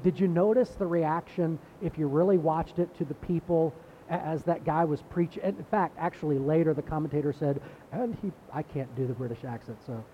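A man's voice: a little high, highs cut off, a little hiss or hum. A man giving a sermon as pastor, in a conversational preaching style that repeats words and builds emphasis.

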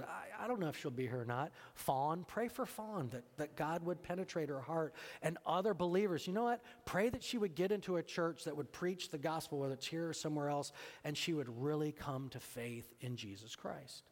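A man's voice: on the high side, expressive, moderate pace. A male pastor preaching a sermon, telling a story and acting out both sides of the conversation. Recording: long hall reverb.

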